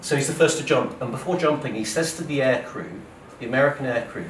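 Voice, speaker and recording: A man, an author giving a lively storytelling lecture, acting out quoted speech and often checking in with "okay?" and "right?". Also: a little high, a little fast, hardly any pauses. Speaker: author giving a public talk. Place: lecture hall at a museum. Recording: roomy hall, voice from a distance, faint noise.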